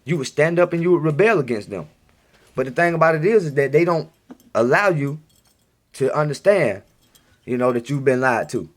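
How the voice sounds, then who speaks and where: A man's voice: on the high side, lively intonation, normal speed, pauses often. A man giving a casual, rambling monologue to his viewers in a home recording, insistent and repeating himself. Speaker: video blogger.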